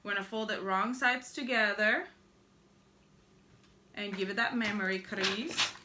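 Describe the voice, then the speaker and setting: Working at her sewing machine, this sewing pattern instructor talks in a mid-range voice at a measured pace, with some background noise behind her. The young woman keeps her tutorial casual, chatting and joking with viewers along the way.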